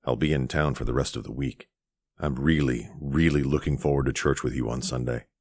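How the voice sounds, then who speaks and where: A man voicing an earnest young man, speaking low and restrained in a romance audiobook. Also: normal speed, no echo, clean studio sound. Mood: tender. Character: tender earnest young man, gentle suitor.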